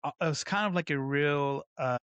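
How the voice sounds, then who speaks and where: A man's voice: fairly high pitch, moderate pace, a bit bright, smooth, no echo, muffled recording. A man hosting a casual podcast, talking in a laid-back, rambling way with lots of fillers. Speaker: podcast host.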